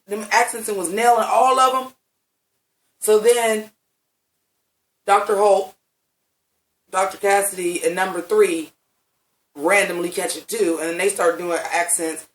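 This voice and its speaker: A man giving a casual, animated and profane review of a TV episode, talking with the ease of a chatty vlogger. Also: sits high. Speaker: TV recap vlogger. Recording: roomy sound from a distant mic.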